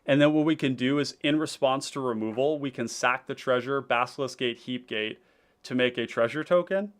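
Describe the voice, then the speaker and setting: Male host, casual stream chatter, rambly with lots of fillers, mid-pitched voice. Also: moderate pace. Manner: rambling, many fillers and restarts, reading chat aloud. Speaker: deck-building host. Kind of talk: casual livestream chat.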